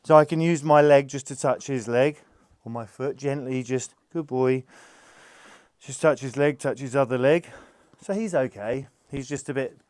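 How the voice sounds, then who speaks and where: A calm, gentle man explaining how he gets a nervous horse used to having its legs touched, talking patiently as he works. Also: mid-range voice, normal speed, no room sound. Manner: calm, gentle, patient, soothing the animal softly. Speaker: farm animal carer. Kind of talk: explaining while handling a horse.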